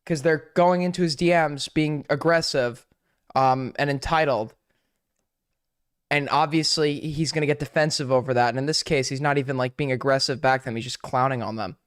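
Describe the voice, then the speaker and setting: A man's voice: medium pitch, fairly even intonation, moderate pace, smooth. A man hosting a live stream, reacting to a video and arguing back at it, with lots of "like" fillers. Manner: argumentative, many "like" fillers.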